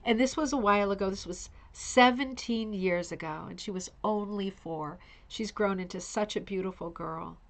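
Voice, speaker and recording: A woman's voice: mid-range voice, normal speed, few pauses. A woman hosting a casual live online show, talking effusively and addressing viewers by name. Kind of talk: casual livestream commentary.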